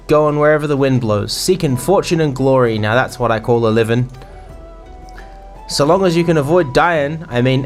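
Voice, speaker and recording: A gruff, chatty ship's crewman speaks in folksy sailor slang, read aloud by a man playing a game. His voice sits at an ordinary middle pitch. Faint game music plays behind him. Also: close to an everyday voice. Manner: reads NPC lines aloud with folksy sailor slang, trips over words.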